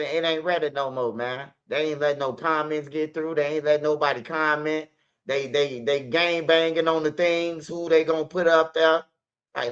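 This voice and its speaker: A man hosting a news commentary stream, telling street stories in a loose, animated way. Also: on the high side, smooth. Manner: animated, acts out fight sounds and quotes. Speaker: commentary channel host. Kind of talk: casual storytelling commentary. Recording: dull lo-fi audio.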